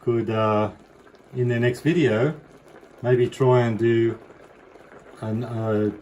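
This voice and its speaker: A middle-aged Australian man walks through a recipe in a casual, rambling, friendly way. His voice is mellow and unhurried, recorded in a home kitchen with a faint hum of noise behind him. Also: mid-range voice, steady tone, highs cut off. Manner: chatty, rambling, easygoing. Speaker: cooking vlogger. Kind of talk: casual cooking demonstration.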